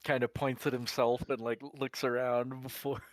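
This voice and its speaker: A man's voice: mid-range voice, flat delivery, moderate pace. A man playing a tabletop game, describing his character in a laid-back, chuckling way. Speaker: player. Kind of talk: tabletop role-play.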